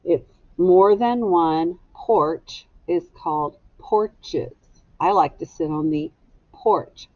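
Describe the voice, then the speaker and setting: A woman's voice: lowish voice, expressive, vocal fry, a little mellow, no room sound, highs cut off. A woman teacher dictating a spelling test to young students, sounding out each word syllable by syllable. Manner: slow, deliberate, sounds words out syllable by syllable.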